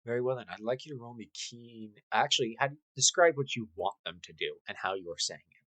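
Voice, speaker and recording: A man running a tabletop role-playing game, narrating in a casual, halting way. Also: mid-range voice, a bit bright, dry recording, poor audio. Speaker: game master.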